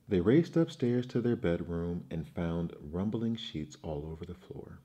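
A man reading a bedtime fairy tale in a slow, soothing, hushed ASMR style. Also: low-pitched. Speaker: storyteller.

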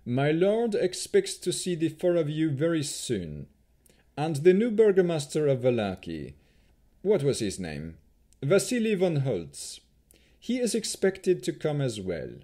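A man's voice: a little high, wildly swooping pitch, mellow, voice pushed up, exaggerated voice. A man voicing a sneering elf chamberlain. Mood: contemptuous. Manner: cold, sneering, measured. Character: haughty male elf chamberlain, scornful.

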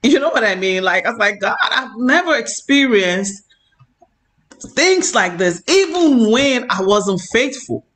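High-voiced man giving earnest testimony. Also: sing-song, unhurried, a bit bright. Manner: earnest, repetitive, many "you know"s. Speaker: online preacher. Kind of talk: personal testimony.

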